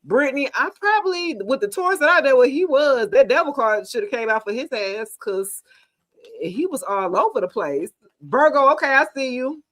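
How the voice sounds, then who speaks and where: A woman, giving a casual live tarot reading in a chatty, animated, slangy way, talking straight to her viewers. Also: high voice, moderate pace. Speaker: tarot reader.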